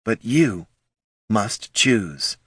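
A man voicing a young orc woman who speaks strong, clear and earnest. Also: medium pitch, expressive, a little slow, a bit bright, dry recording, studio quality, voice pushed up, heavily acted. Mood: steady resolve. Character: young wounded orc woman, proud and steadfast.

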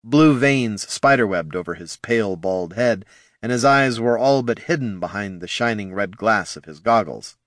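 Male narrator, even fantasy audiobook reading, dry recording. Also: on the low side, moderate pace, no room sound.

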